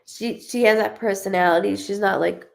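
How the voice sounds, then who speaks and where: A woman giving a live psychic reading, chatty and animated, often restarting her sentences as she relays messages. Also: mid-range voice, moderate pace, vocal fry. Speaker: psychic medium.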